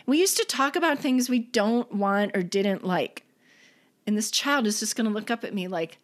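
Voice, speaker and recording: Woman, podcast guest, enthusiastic, casual, filler words, mid pitch. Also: lively intonation, normal speed. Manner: enthusiastic, uses many fillers. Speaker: guest, artist and author. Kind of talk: casual interview chat.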